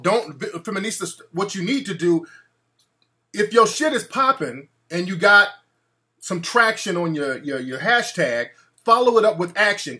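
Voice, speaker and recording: A man's voice: high voice, pushed and bright. A male talk show host ranting in a brash, profane, mocking way.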